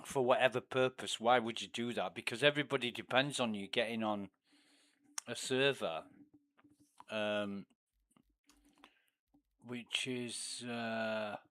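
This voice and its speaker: A man on a casual game livestream, rambling through a story with plenty of swearing. His voice sits in an average middle pitch and often drops to a low mutter between points. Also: steady tone, takes it slowly, pauses often, a bit bright. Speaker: game streamer.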